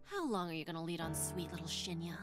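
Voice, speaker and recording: A woman's voice: fairly low pitch, animated, fast talker, music in the background, close to an everyday voice. A woman voicing a mocking, trouble-stirring young coworker in a game, taunting and sneering. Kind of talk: game character voice acting.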